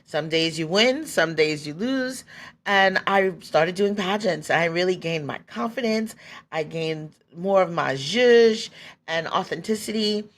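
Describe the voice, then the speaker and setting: A woman's voice: lowish voice, expressive, a little slow. A woman in her forties hosting a podcast, telling her own story in a candid, loose way, laughing often and acting out what she was thinking back then. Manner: loose and conversational, many fillers. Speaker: podcast host. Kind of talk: personal storytelling.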